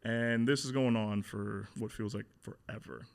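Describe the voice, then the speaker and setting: A man's voice: on the low side, fairly even intonation, moderate pace, creaky. Blunt, swearing man telling a story. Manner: blunt, swears a lot, acts out quotes. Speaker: guest. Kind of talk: candid storytelling interview.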